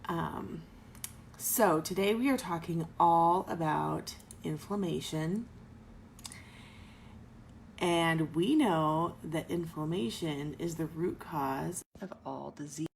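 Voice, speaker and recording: Chatty woman with gravelly low voice. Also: slow pace, slight background noise, low-quality recording. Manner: chatty, explains with everyday examples. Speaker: co-host of a live health stream. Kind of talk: casual live video talk. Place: home in Colorado.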